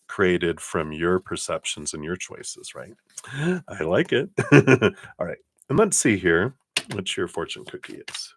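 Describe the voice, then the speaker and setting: In a low-pitched voice with a dry, clean studio sound, a man gives tarot card readings on a live stream. He speaks reassuringly and directly to the viewer, chuckling often.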